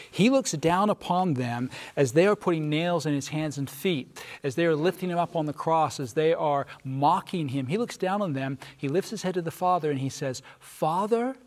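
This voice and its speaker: An earnest man with a voice pitched a little above the usual, teaching a Bible lesson in a preaching style. He reads scripture aloud with emphasis and asks his listeners questions. His delivery is steady and heartfelt. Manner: pauses for listeners' responses. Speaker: Sabbath School panelist.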